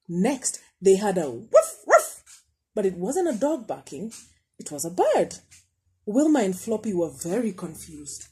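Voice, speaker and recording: A woman teacher reading a picture book aloud to children, pausing to ask questions about the pictures. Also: mid-range voice, breathy edge, poor audio. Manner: lively, asks the listener questions about the pictures.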